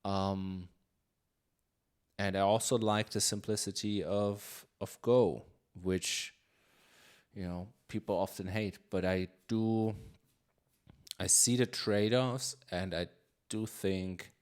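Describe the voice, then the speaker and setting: A man talks slowly in a low voice while he codes live, thinking aloud and circling back on his sentences. He keeps it loose and conversational, full of fillers and trailing restarts. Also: fairly even intonation, smooth. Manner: reads chat questions aloud. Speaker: live-coding streamer. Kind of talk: casual live-coding chat.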